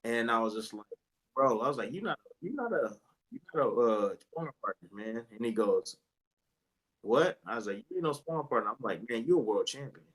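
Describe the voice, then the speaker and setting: A man in an interview, retelling boxing stories in a casual, animated way and acting out what others said. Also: mid-range voice, a little fast, low-quality recording. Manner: animated, acts out quotes with voice jumps. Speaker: interview guest, retired boxer.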